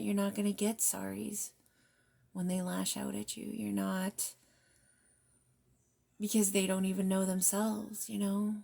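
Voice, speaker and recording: A woman giving a spiritual guidance card reading, soft and reflective, often slipping into near-whispers and casual, mildly profane phrasing. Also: medium pitch, vocal fry. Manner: casual, with mild swearing. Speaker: tarot reader.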